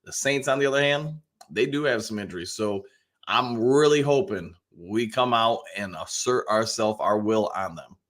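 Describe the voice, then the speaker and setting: A man's voice: on the low side, moderate pace, a bit bright. Chatty man hosting a football livestream. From Detroit area. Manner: chatty, rambling with frequent restarts and fillers; greets viewers by name, upbeat. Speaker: live show host reading chat comments. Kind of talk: casual football talk livestream.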